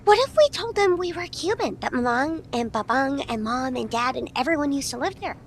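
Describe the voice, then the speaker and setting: A woman's voice: high-pitched, lively intonation, a little fast, slight background noise. A woman playing an eager young girl, a younger sister full of questions, in an audio play.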